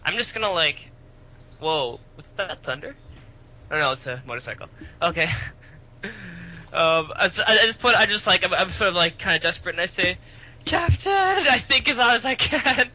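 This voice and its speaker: A man's voice: a little high, normal speed, bright, forceful tone, low-quality recording. A man playing in a tabletop game over a voice call, rambling animatedly with many fillers. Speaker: player. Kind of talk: casual tabletop role-play chat. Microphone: online voice call.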